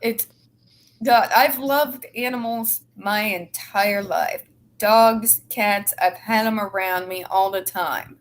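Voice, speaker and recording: Slow-talking indignant woman. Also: mid-range voice. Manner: heated, indignant and profane. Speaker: host. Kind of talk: casual group chat.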